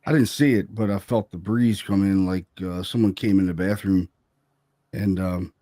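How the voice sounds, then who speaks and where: Deep-voiced man telling a ghost story. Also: steady tone, normal speed, mellow, no room sound, studio quality. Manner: loose and chatty, full of "man" and "you know". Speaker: paranormal investigator guest. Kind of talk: casual storytelling.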